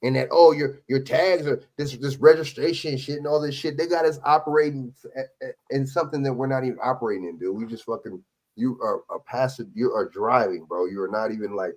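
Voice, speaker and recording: A man hosting a live stream, reacting to police videos with loud, profane, sarcastic commentary. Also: mid-range voice, a little fast. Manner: loud, sarcastic, laughing, swearing often.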